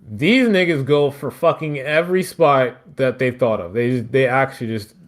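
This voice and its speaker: With a medium-pitched voice at a moderate pace, a podcast host from Philadelphia rambles through a casual wrestling recap, swearing freely along the way.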